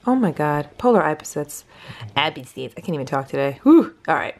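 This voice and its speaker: A woman's voice: low-pitched, lively intonation, moderate pace. A young woman chatting casually to her camera at home in a family vlog, slangy and talkative, with music playing under her voice. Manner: chatty and slangy, drops into baby talk with the infants. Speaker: vlogger. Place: home, indoors.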